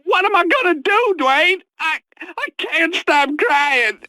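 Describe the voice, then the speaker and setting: Nervous, stammering redneck dad caller, very high and bright, dry. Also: male voice, lively intonation, takes it slowly, dry recording, full character voice. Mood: timid. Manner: stammering, hesitant. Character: timid, dim-witted redneck father calling in. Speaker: radio caller. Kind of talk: scripted radio comedy acting.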